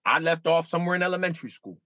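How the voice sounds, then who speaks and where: A man's voice: a little high, lively intonation, very fast, no room sound, highs cut off. A man in his thirties, a guest in an interview, speaking earnestly with many restarts and repeats. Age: 30s. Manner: earnest, repeats and restarts, acts out inner voices. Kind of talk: emotional interview.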